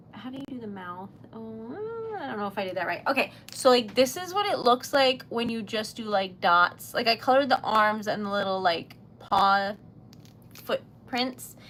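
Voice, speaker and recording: A woman's voice: fairly high pitch, a bit bright, a little hiss or hum. A young woman, chatting casually on a craft livestream, giggly and easily flustered as she thanks her chat. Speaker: livestream host.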